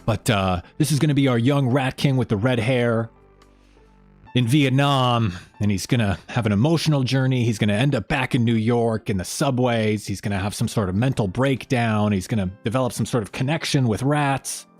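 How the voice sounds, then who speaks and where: A man's voice: mid-range voice, moderate pace, a little mellow, soft background music. A man hosting a fan channel live stream, chatting in a rambling, friendly way and reading chat messages aloud.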